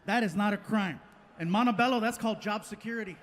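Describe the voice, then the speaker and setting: A man doing stand-up comedy, telling stories in an animated way and laughing often. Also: sits high, fast talker, slight background noise. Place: comedy stage before a live audience.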